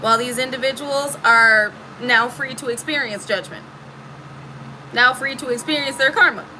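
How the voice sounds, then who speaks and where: Woman, high voice, bright, emphatic, profane, preachy spiritual vlog. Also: moderate pace, a little hiss or hum, low-quality recording. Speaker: spiritual reader.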